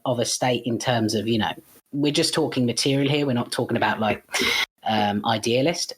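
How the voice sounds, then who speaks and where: A man's voice: mid-range voice, husky. A man speaking as a guest in an unscripted podcast discussion. He talks bluntly and with heat, swears freely, and often restarts and corrects himself mid-sentence. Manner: frequent false starts and self-corrections.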